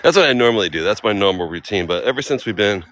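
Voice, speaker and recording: A man's voice: lowish voice, animated, fast talker, fairly bright tone, a little hiss or hum. A man vlogging casually at an outdoor exercise park, joking and playful. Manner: joking, playful, often exclaiming. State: out of breath. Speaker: travel vlogger. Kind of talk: casual vlog chat.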